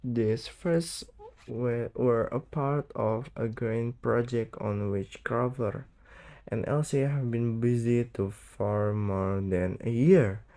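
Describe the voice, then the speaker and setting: A young man, reading a novel aloud for school in a halting way, stumbling over and misreading words. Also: medium pitch, mellow. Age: late teens. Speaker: student reading an audiobook. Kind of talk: read-aloud narration of a novel.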